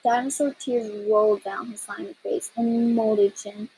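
A woman reading a children's picture book aloud with expressive storytelling, soft and slow in places. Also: fairly high pitch, slightly rough, low-quality recording. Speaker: story reader.

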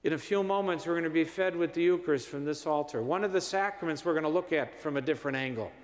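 A man preaching in a church with a notably high voice, his words trailing off into long reverb. He talks to the congregation conversationally, repeats lines for emphasis and sounds somewhat tired. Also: fast. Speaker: visiting priest. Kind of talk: parish mission homily.

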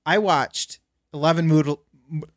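A man's voice: fairly high pitch, fairly even intonation, normal speed, no room sound, studio quality. A man co-hosting a casual podcast, rambling through stories with self-mocking humor and plenty of fillers. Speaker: podcast co-host. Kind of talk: casual chat.

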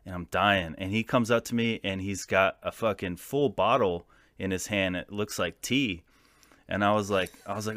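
Profane storytelling American man, low and dry. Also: moderate pace, dry recording. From United States. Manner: profane, animated anecdote-telling with laughs. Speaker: podcast guest, former soldier. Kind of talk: casual storytelling.

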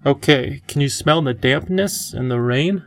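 A man doing a gravelly old kindly professor. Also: mid-range voice, a little slow, no echo, lightly acted. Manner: gentle, enthusiastic teacherly. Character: wise playful elderly male professor.

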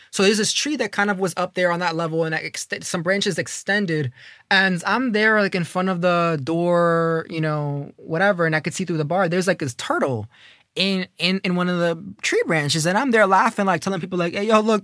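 A young man casually telling a personal story, slangy and animated, with lots of fillers. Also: high-pitched, no echo, studio quality.

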